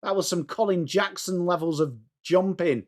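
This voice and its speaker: An English man hosting a fan watchalong, chatting through the match as live fan commentary and breaking into shouts at big plays. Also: high voice, moderate pace. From England.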